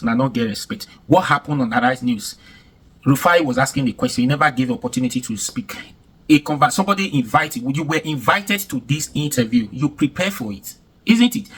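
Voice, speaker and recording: A man's voice: mid-range voice, a bit bright, slightly rough. A man with a Nigerian accent giving heated reaction commentary, indignant and emphatic, with lots of repetition. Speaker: commentary vlogger.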